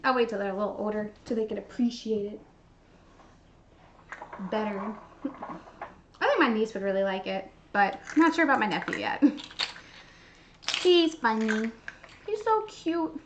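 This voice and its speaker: A woman's voice: mid-range voice, normal speed, pauses often, noisy background. A young woman hosting a live baking demonstration, chatty and bubbly as she talks to her viewers from a kitchen. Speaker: baking show host. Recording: dull lo-fi stream audio.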